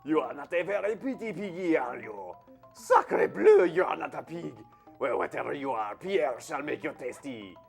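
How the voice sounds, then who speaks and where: A man's voice: on the high side, sing-song, normal speed, vocal fry, soft background music, pitched above the performer's own voice. A man voicing a pompous male chef with an exaggerated fake French accent, hammy and theatrical. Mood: gloating, hammy. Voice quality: hammy, over-the-top theatrical.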